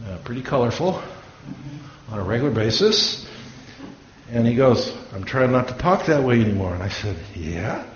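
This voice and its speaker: A man's voice: mid-range voice, lively intonation, moderate pace. Pastor guy preaching, tells stories and does the voices, roomy church echo, kinda muffled. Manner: storytelling, acts out quoted voices. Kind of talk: sermon. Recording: echoey room, dull lo-fi sound, faint hiss.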